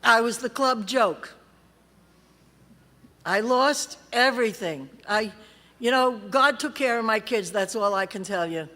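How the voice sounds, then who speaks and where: A woman's voice: a little high, unhurried, pauses often, bright, forceful tone. A woman from California telling her recovery story to a convention audience, blunt and wry, acting out the voices of people she quotes. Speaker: recovery meeting speaker. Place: large convention hall. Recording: reverberant convention hall.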